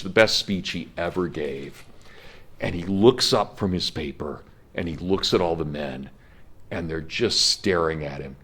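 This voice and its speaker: A deep-voiced, middle-aged professor lecturing in a classroom. He tells his story earnestly and gets emotional, his voice cracking now and then. The sound is plain and close to the speaker. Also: a bit bright. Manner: earnest storytelling, breaks into laughs when moved. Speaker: college professor.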